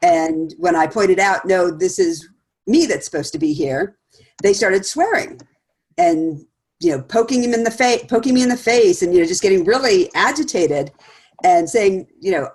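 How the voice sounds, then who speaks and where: Lively laughing middle-aged woman presenter. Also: mid-range voice, normal speed. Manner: animated, laughs often, acts out quotes. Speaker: speaker series presenter. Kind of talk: casual conversational talk.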